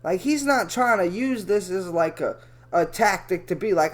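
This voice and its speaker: A man's voice: high voice, lively intonation, moderate pace. A man giving profane, rambling commentary as he reads out chat logs, ranting and correcting himself as he goes.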